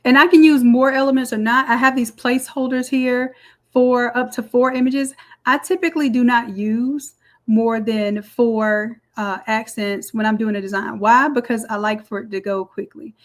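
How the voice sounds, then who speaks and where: Lady doing a screen tutorial, kinda high voice, chatty, explains every click. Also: steady tone, moderate pace. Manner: chatty step-by-step explaining, Southern "y'all". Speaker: design instructor. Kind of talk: screen-recorded software tutorial.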